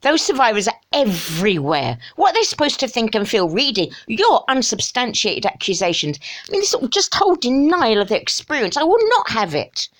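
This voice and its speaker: Middle-aged woman, vlog rant, impassioned and exasperated, fairly high voice that swoops up and down. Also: big pitch swings, moderate pace, fairly bright tone. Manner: impassioned and exasperated, with sighs and mocking asides. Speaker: vlogger. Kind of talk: emotional rant to camera.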